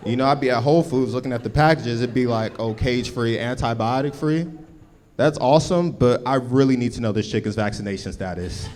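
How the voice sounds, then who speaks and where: A man's voice: mid-range voice, brisk, slight background noise. A man from Los Angeles doing a stand-up comedy set before a live audience, with a laid-back, punchy delivery and slangy asides.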